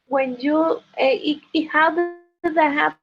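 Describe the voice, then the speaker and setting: A woman guest in a casual chat who talks in halting bursts with many restarts and likes to tease. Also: high voice, fairly even intonation. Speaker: interview guest. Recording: dull lo-fi sound.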